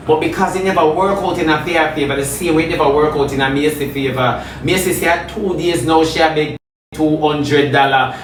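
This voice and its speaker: A man's voice: fairly high pitch, fairly bright tone, recorded from a distance, slight background noise. A man with a Jamaican accent in a heated rant, combative and taunting, repeating his jabs over and over. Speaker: social media personality. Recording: roomy and off-mic.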